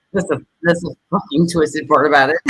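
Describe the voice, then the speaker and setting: A woman's voice: low voice, a bit bright, husky, low-quality recording. A woman hosting a livestream in casual chat, rambling and profane, laughing often between her words. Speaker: livestream host.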